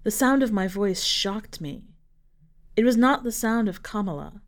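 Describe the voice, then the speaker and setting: A woman narrating a dark short story for a fiction podcast in a measured, dramatic reading style. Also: medium pitch, animated. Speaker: podcast editor and reader.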